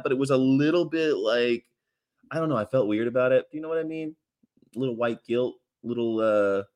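A young adult man and activist vlogger, rambling through a personal story with a wry, self-mocking tone, trailing off and restarting often. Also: medium pitch. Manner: wry, self-mocking, acts out quotes in raised voices.

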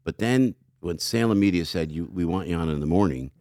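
Animated storytelling male comedian guest. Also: sits low, fairly quick, dry recording, clean studio sound. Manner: acts out quoted voices, laughs often, emphatic. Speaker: guest, radio talk show host and comedian. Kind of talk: animated anecdote telling in conversation.

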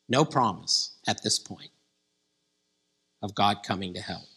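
A man preaching a conversational sermon, growing animated when he quotes scripture figures. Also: lowish voice, unhurried, gravelly, slightly rough.

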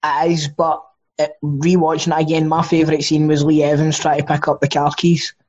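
Scottish guy on a movie podcast, kinda high voice, jokey and sweary, bit muffled audio. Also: monotone, fairly quick, darkish tone. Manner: chatty, jokey, swears freely. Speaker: podcast co-host. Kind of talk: casual film-chat podcast.

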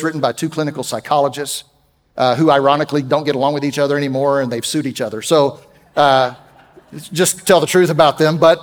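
A middle-aged man preaching a sermon as pastor, emphatic and rising loud when he quotes scripture. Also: fairly high pitch, long reverb tail. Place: church sanctuary.

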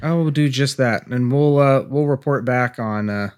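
A man's voice: medium pitch, normal speed. A man co-hosting a podcast in casual chat over a remote call from his garage, laid-back and loose. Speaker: podcast co-host.

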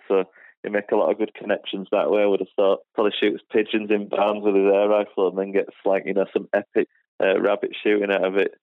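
A man's voice: fairly low pitch, no echo. A British man chatting as a guest, hesitant and full of fillers and restarts, heard over a phone line. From United Kingdom. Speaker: guest, shooting channel creator. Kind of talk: casual interview chat.

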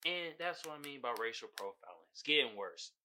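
Male podcast host, casual solo commentary, profane, lively pitch, bright tone. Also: a little fast. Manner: animated, profane, laughs and puts on voices.

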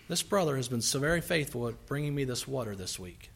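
A man preaching a sermon, acting out grumbling voices and asking rhetorical questions, swinging from quiet asides to loud outbursts. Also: medium pitch, lively intonation, brisk, few pauses, slightly rough.

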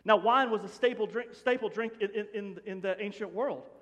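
A man preaching a sermon to his congregation in an animated, conversational way, often dropping to a hush. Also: high-pitched, normal speed. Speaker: pastor. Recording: long hall reverb.

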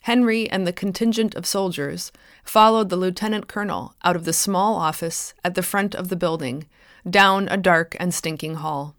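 Woman reading her own story, low and dry. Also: moderate pace, fairly bright tone, no echo.

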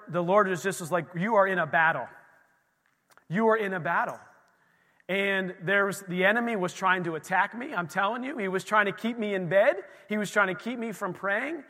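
A man in his thirties preaching a sermon in a church, telling stories with animated asides and acting out the voices of the people in them. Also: sits high. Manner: animated, acts out quoted voices, folksy asides. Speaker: pastor. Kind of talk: energetic sermon storytelling. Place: church sanctuary. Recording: reverberant hall.

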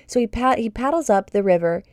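A woman in her thirties hosting a podcast as a homeschool business coach, talking in a casual, gushing and upbeat way with rambling, excited asides. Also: fairly high pitch, brisk, dry recording, studio quality.

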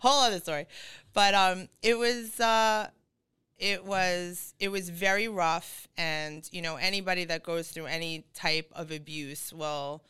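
A middle-aged woman chats on a podcast, her voice bright and crisp. She rambles through her story with fillers and quick laughs, sitting slightly low in pitch for a woman. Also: fairly even intonation. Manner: chatty, full of fillers and laughs. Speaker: guest. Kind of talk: casual podcast conversation.

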